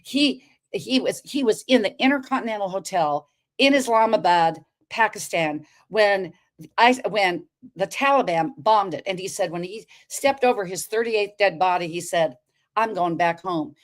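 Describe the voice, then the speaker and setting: A woman telling her story on a talk show as a guest, expressive, acting out quoted dialogue and turning to address the listeners. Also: mid-range voice, normal speed.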